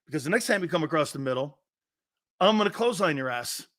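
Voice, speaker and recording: A man's voice: high voice, very animated, quick pace, fairly bright tone. A middle-aged man hosting a sports talk show, a brash, laughing trash-talker telling stories.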